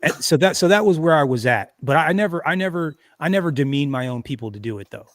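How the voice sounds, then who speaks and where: A man's voice: a little high, expressive, fast, no echo. A man hosting a casual livestream, talking in a rambling, conversational way with many restarts and fillers. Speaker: livestream host.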